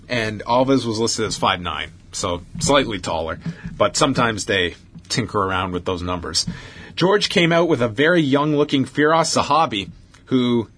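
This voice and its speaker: A man's voice: mid-range voice, a bit bright, husky. A man hosting a casual talk show, recapping an old fight in detail with frequent fillers.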